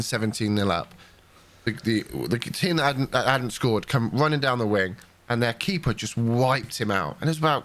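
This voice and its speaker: Give me a man hosting a podcast, telling long sweary stories in an everyday-pitched voice. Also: a bit bright. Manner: rambling, sweary storytelling. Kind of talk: casual chat.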